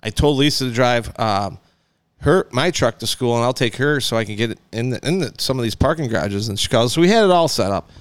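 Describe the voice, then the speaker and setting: Talk-show co-host, male, loose rambling storyteller with a lively, swinging delivery and a clear, resonant voice recorded dry and close. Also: mid-range voice, a little fast, no room sound. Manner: rambling, animated, acts out voices in his stories. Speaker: podcast co-host. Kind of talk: casual storytelling chat.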